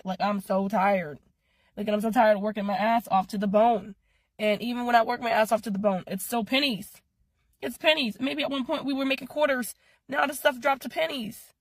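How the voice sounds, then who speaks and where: A young woman with a hoarse voice, talking casually to her followers in a tired, rambling, exasperated way that keeps circling back. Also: fairly high pitch, dry recording. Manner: weary, rambling, repetitive, exasperated. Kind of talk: casual social media vlog.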